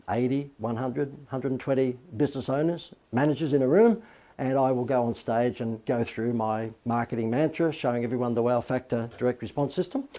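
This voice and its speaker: A man with a mid-range, warm voice coaches a business marketing lesson. He talks in a chatty, informal way, with many fillers and asides.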